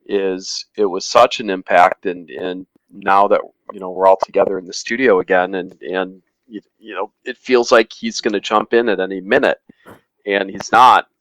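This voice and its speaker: A man with a fairly low voice speaks reflectively in casual podcast chat. He stammers and restarts, and the sound is dry and close. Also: fairly even intonation, moderate pace, a bit bright, no room sound, low-quality recording. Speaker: podcast co-host.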